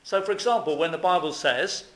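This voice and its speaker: A man's voice: a little high, a little fast, fairly bright tone. A man preaching a sermon in an earnest, emphatic way, with lots of rhetorical questions. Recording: echoey room.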